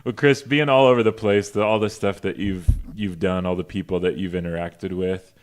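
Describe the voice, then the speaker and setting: A man co-hosting a podcast, asking friendly, halting questions in casual interview chat. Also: low-pitched, fairly even intonation. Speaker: podcast co-host.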